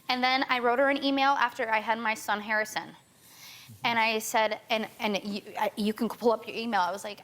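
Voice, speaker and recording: A young woman telling an emotional personal story as a guest on a talk show. She talks in rushed runs, repeats herself and quotes other people. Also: fairly high pitch, a bit bright. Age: young adult.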